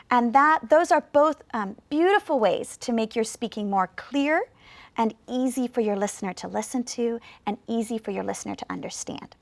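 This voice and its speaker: A woman teaching English pronunciation in a video lesson, speaking slowly and clearly with deliberate pauses to demonstrate. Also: a little high, no room sound.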